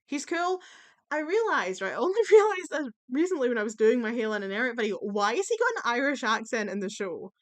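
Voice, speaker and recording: A woman's voice: a little high, very animated, quick pace, few pauses. Chatty, opinionated woman vlogger. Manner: chatty and opinionated, with frequent fillers and casual swearing. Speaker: YouTube commentator. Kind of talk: casual tier-list chat.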